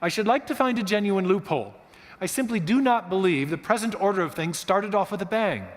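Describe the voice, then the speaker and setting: A man's voice: high voice, animated, brisk. A man putting on the voice of a prim, dismissive older British astronomer with a put-on British accent, recorded in a church hall. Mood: disdainful. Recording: long hall reverb.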